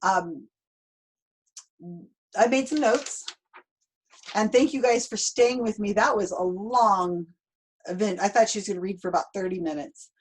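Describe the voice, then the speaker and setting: A woman's voice: mid-range voice, measured pace, pauses often, a little hiss or hum. A woman with a light Southern accent hosts a live video stream. She talks casually and hesitantly, with frequent fillers and easy laughter. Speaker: host. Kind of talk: livestream talk. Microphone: video call.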